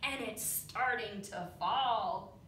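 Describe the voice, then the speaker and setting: A woman's voice: slow, fairly bright tone. A woman reading a picture book aloud and voicing a sly, hungry male spider judge with a hissing villain voice. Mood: menacing. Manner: hissing, lowered storybook villain voice. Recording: echoey classroom from far off.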